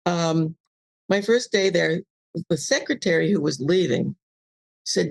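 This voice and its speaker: An older woman shares a personal story as a guest on a casual interview show. Her voice is gravelly and husky, and she lively acts out the voices in her tale. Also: fairly low pitch, a little slow. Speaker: podcast guest.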